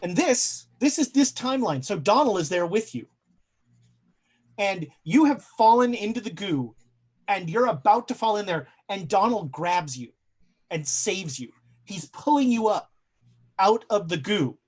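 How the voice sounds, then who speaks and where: A young man narrating a tabletop horror game as game master, telling eerie dream scenes with dramatic pauses and frequent hesitant fillers. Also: sits high, animated, a little mellow, husky.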